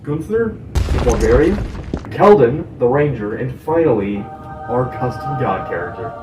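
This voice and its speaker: A man hosting a mock advertisement in a salesy, pitching manner. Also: expressive, measured pace, over music. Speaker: channel host. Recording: roomy, distant, noisy.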